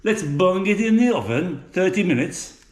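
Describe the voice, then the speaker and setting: A man's voice: high-pitched, big pitch swings, moderate pace, reverberant. A middle-aged man from England with an English accent, chatting casually in a home kitchen with many fillers and restarts. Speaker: cooking vlogger. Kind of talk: casual chatty cooking vlog.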